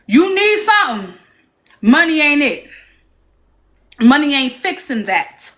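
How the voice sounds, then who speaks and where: A woman on a live-stream panel with a high, bright voice, delivering a blunt, profane rant. She talks in slow, deliberate stretches and drives each point home with confrontational force. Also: animated.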